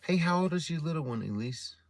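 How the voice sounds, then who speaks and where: A man's voice: on the high side, animated, a little fast, no echo. A man casually telling stories to his livestream audience in a rambling, heavily profane way while drinking a beer. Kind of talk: casual storytelling chat to a live audience.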